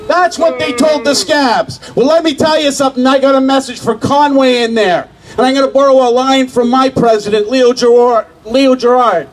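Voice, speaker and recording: A man giving a fiery union rally speech outdoors, building his lines through repetition up to shouts. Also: very high-pitched, moderate pace, low-quality recording. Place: outdoor rally outside a company headquarters.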